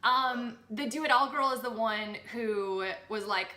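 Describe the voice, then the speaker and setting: A woman talking as a podcast guest about spiritual growth, animated and expressive, acting out her inner voices. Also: medium pitch, moderate pace, reverberant. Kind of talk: spiritual coaching conversation.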